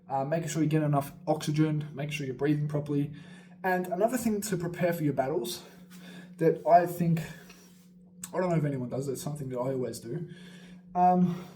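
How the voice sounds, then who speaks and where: Energetic man coaching, slightly high voice. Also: a little hiss or hum. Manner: energetic, swearing, laughing asides, jumping around while talking. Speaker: beatbox coach. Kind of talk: casual rambling tutorial.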